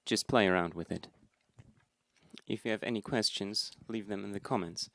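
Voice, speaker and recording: A man hosting a software tutorial, explaining calmly and plainly, recorded on a close desk mic. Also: on the low side, moderate pace, gravelly. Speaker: tutorial host.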